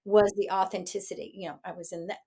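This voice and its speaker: A woman's voice: medium pitch, fairly even intonation, fast, creaky, warm tone, slight background noise. A woman hosting a coaching podcast, affirming and enthusiastic, often murmuring agreement. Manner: affirming, frequent mm-hmms, enthusiastic. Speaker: podcast host, strengths coach. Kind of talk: interview hosting.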